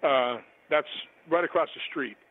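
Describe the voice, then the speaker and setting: A man on a thin, tinny phone line tells a long story as a radio guest, his voice sitting a bit high. He rambles, repeats himself and laughs as he talks. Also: a little slow. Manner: chatty, rambling, laughs often, animated when astonished. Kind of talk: casual storytelling on a call-in radio show.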